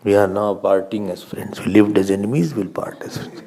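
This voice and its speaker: An older man with an Indian accent giving a slow spiritual discourse as a swami, telling stories, asking questions and laughing often. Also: fairly low pitch, mellow, breathy edge.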